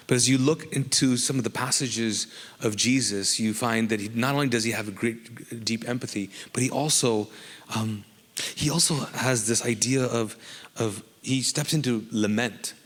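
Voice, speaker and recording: A man's voice: mid-range voice, unhurried, in a large hall. A man from Kuwait, a pastor preaching a sermon in a casual, joking style that often asks the congregation questions.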